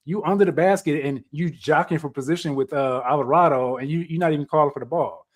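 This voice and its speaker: A man's voice: fairly high pitch, fast. A man co-hosting a sports podcast, breaking down basketball strategy and arguing his point at length in casual chat. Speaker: podcast co-host.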